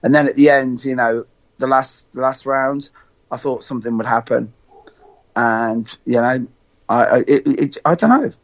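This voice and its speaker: A man's voice: medium pitch, moderate pace. A man on a podcast panel, talking casually, rambling, repeating himself and swearing freely. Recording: dull lo-fi podcast audio.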